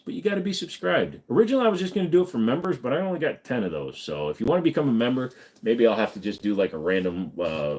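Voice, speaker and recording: A man's voice: low voice, darkish tone. Rambling, joking man chatting with a live stream. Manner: rambling, joking and profane, reading out chat. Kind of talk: casual live stream chat with viewers.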